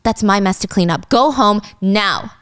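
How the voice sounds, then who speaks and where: A woman's voice: medium pitch, a little slow, fairly bright tone, clear, resonant tone, natural voice. A woman voicing a domineering male lawyer who barks curt orders and swears.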